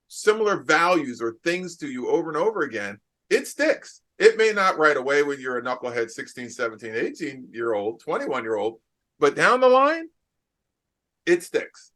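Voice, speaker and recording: A man's voice: medium pitch, pushed and bright. A man from New Jersey hosting a podcast interview, talking emphatically and repeating phrases for effect. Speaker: podcast host and keynote speaker. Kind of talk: casual interview chat.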